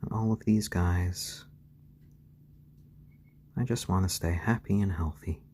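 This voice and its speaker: A man hosting a live stream, talking softly to his baby chicks in a low-key, soothing way and answering viewers' questions. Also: slow, a little hiss or hum. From born in Japan to British parents.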